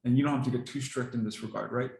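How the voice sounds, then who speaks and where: A man casually explaining how he trains his dogs, relaxed and rambling, laughing often. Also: medium pitch, quick pace, gravelly, reverberant, low-quality recording. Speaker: dog owner explaining training. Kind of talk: casual talk to camera.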